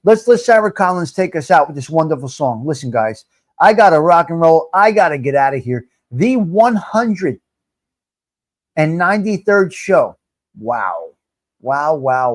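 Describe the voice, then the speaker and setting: A middle-aged man hosting a live stream, chatting casually and joking with his viewers as he talks straight to them. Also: high-pitched.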